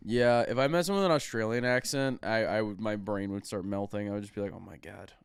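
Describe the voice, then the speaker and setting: A man co-hosting a comedy podcast, excitable and profane, riffing off his co-host. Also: fairly low pitch, fast, vocal fry, clean tone, no echo, studio quality. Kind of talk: crude comedic podcast banter.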